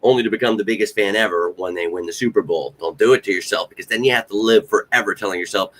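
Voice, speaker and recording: A man hosts a casual sports talk show in a lowish voice. He rambles warmly, mixes sincere thanks with casual swearing, and gets worked up about his team. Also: quick pace. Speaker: podcast host.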